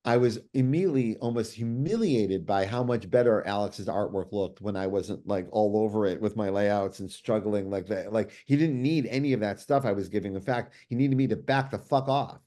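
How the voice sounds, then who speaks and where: A middle-aged man, a comics writer guest, telling stories in casual chat, animated and quick with many restarts and fillers. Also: lowish voice. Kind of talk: casual storytelling.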